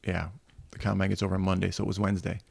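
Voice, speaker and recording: A man's voice: low-pitched, very fast, gravelly, slightly rough, dry recording. A middle-aged man from Michigan, a football coach, telling stories in a casual interview and acting out the people he quotes. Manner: animated anecdotes, acting out quoted voices. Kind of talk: casual storytelling.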